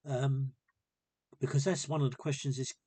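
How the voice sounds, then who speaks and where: A man's voice: medium pitch, little pitch movement, moderate pace, mellow, breathy edge, no echo. A man telling a personal story in a casual, rambling way, often repeating himself with earnest feeling.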